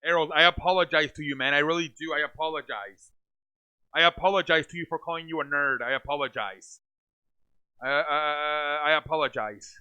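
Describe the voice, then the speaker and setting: A man hosting a live sports reaction stream, scolding chat viewers over and over and calling the plays in a loud, repetitive way. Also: on the high side, a little fast, clean tone. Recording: dull lo-fi stream audio.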